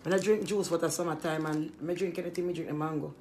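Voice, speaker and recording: A woman's voice: deep voice, steady tone, fast, very noisy. A woman, a small business owner venting in an angry, profane monologue. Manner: irritated, profane ranting.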